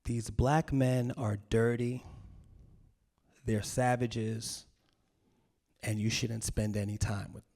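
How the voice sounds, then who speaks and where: A man voicing a nagging middle-aged mother who scolds her daughter in a rapid rant, repeating herself and using no accent. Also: mid-range voice, steady tone, darkish tone.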